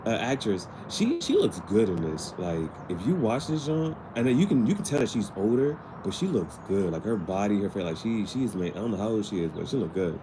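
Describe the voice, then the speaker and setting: A man's voice: on the low side, big pitch swings, a little fast, few pauses, noisy background. A man casually recapping a TV episode in slangy, rambling speech with many restarts. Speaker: vlogger.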